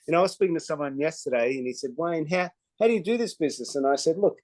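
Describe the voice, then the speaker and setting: A man talking on a video call, excitable and animated, swinging between loud bursts and quiet asides as he motivates his team. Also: on the high side, rapid-fire. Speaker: co-host, business mentor.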